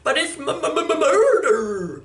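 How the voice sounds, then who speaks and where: A man's voice: very high-pitched, very animated, measured pace, fairly bright tone, pitched above the performer's own voice, exaggerated voice. A man voicing a raving, scarred male villain who stammers and rants in a goofy hillbilly drawl. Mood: rambling. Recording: echoey room, distant mic.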